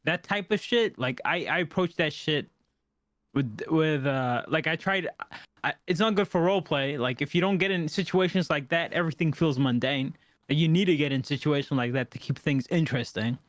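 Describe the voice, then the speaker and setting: A man's voice: a little high, normal speed, no room sound. A man hosting a podcast, talking in a loose, profane, reflective way. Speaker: podcast host. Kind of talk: casual podcast chat.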